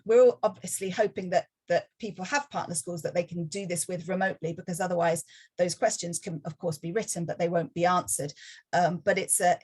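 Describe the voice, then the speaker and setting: A woman's voice: on the low side, darkish tone, husky. A woman giving a conference talk on language teaching, explaining methods step by step with frequent restarts and hesitations. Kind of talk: presentation talk.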